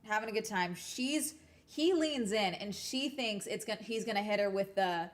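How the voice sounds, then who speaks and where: A young woman talks to her stream in casual chat. She is blunt and swears freely. She tells her stories in an animated way, stopping often to check in with her listeners. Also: fairly high pitch, normal speed. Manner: blunt and profane, animated storytelling.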